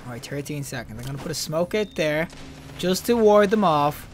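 Young male gamer, high-pitched and excitable, live play commentary, faint background noise. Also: normal speed. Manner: excitable, yelps and laughs at deaths. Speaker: gaming YouTuber.

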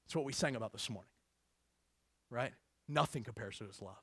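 A middle-aged man preaching a sermon as pastor, swinging between hushed asides and raised, emphatic passages. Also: mid-range voice, a little fast, husky, no room sound.

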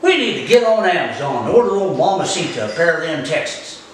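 A man's voice: fairly high pitch, big pitch swings, fairly quick, noisy background. A man hosting a comedic folksy monologue, joking with viewers and talking to his dog, recorded from a distance in an echoey room. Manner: folksy, jokey, addresses viewers directly.

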